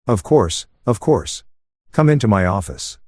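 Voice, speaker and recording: A man voicing a mocking middle-aged police inspector with a deep voice. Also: very animated, unhurried, a little mellow, breathy edge, no room sound, studio quality, exaggerated voice. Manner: mocking, drawling.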